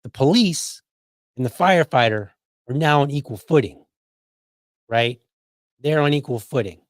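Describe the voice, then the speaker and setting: A man's voice: medium pitch, animated, moderate pace, no room sound, clean studio sound. A man hosting a podcast, giving casual political commentary with conversational hyperbole and frequent asides. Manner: conversational, hyperbolic, keeps asking "right?". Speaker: podcast host.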